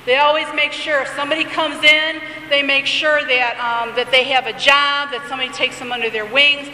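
A woman's voice: sits high, fairly even intonation, brisk, sharp tone, distant mic, slight background noise. A woman teaching a sermon, reading prayers aloud and then explaining them in a conversational way. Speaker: Bible teacher. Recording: echoey hall, faint ambience.

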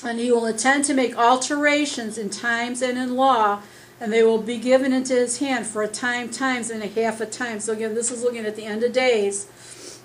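A woman preaching an earnest, rambling sermon as she starts losing her voice, talking loud without a microphone. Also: a little high, steady tone, normal speed, a little hiss or hum, poor audio. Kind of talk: conversational sermon. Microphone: speaking loud without a microphone.

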